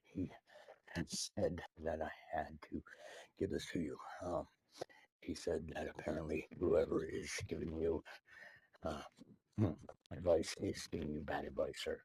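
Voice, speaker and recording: A man rambling to camera in a halting, mock-earnest monologue full of hesitations, addressed to the president. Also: extremely low pitch, level tone, vocal fry, a little mellow, husky, no echo, low-quality recording. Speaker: video maker addressing the president.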